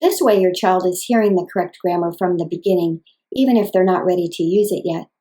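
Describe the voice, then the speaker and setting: A woman speech-language pathologist giving calm, clear, scripted instructions for parents. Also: on the low side, brisk.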